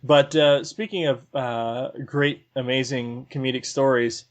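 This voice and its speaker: A man co-hosts a podcast over a Skype call from his laptop. He talks casually and restarts his sentences, laughing at himself as he goes. His voice sits at an ordinary middle pitch. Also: steady tone, unhurried. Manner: stammering restarts, self-deprecating laughs. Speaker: podcast co-host. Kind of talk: casual chat.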